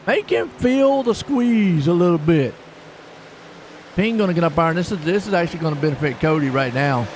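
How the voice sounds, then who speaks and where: A man giving live play-by-play on a sim race, folksy and excitable, chatting with viewers between calls. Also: on the high side, brisk. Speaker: sim racing commentator. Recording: noisy stream with car engine sound.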